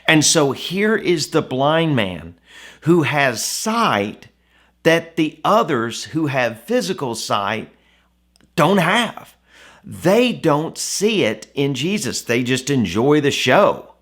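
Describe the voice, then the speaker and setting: A man's voice: a little high, sing-song, takes it slowly, fairly bright tone. A man giving a devotional Bible teaching in a conversational way, often asking the listener rhetorical questions. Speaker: devotional speaker.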